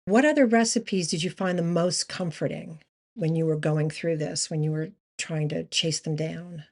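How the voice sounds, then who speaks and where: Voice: mid-range voice, moderate pace, gravelly, darkish tone. An interviewer asking questions in a casual chat, encouraging the guest with short interjections.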